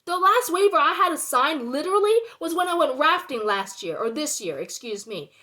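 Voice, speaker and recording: High-voiced young woman ranting heatedly. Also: sing-song, normal speed, sharp tone. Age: young adult. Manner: heated and indignant, swearing, repeating herself; rhetorical questions to the audience. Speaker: vlogger. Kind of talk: ranting monologue to viewers.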